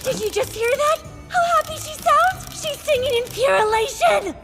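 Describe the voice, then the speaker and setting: A woman dubbing an excitable, weapon-obsessed young anime heroine with gushing, breathless enthusiasm. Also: extremely high pitch, normal speed. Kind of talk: anime English dub. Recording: with background music.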